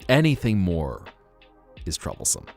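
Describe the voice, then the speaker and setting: Deep gravelly man, swinging wildly in pitch. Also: very animated, a little slow, darkish tone. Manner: playful, teasing, reacts to chat. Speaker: streamer. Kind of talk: casual live-stream chat. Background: faint guitar music.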